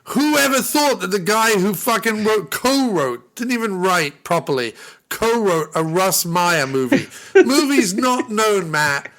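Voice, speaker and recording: A man's voice: sits high, animated, measured pace, fairly bright tone, poor audio. A man co-hosting a casual movie podcast, riffing and swearing freely, laughing often. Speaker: podcast co-host. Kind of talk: casual chat.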